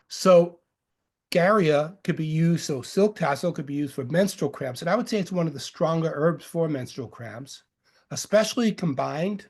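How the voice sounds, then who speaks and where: His voice sits on the high side, darkish and a touch rough, with a faint Long Island accent; he's from Long Island, New York. Teaching about medicinal herbs informally, he drifts loosely, cracking jokes, using fillers, and fixing his own slips.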